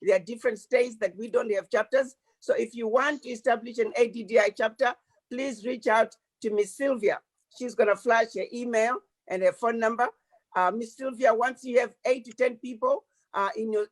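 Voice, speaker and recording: A woman's voice: on the high side, no room sound. A woman leading a diaspora organization who addresses an online meeting in an earnest, urging way, closing with a rallying appeal.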